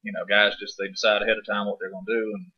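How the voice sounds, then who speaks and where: Husky guy co-hosting a podcast, rambling stories, cusses, kinda muffled lo-fi. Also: lowish voice, level tone, rapid-fire. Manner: rambling storyteller, swearing. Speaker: podcast co-host. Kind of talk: casual chat. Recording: dull lo-fi sound.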